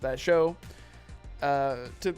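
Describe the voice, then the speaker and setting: A man's voice: fairly high pitch, fairly even intonation, takes it slowly, faint music behind. A man hosting a gaming podcast in casual, joking chat, laughing often. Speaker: podcast host.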